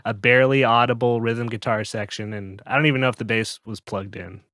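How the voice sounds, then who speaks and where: A man's voice: medium pitch, steady tone, fairly quick, fairly bright tone, dry recording. A man co-hosting a podcast in casual chat, making dry wisecracks and laughing often. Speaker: podcast co-host.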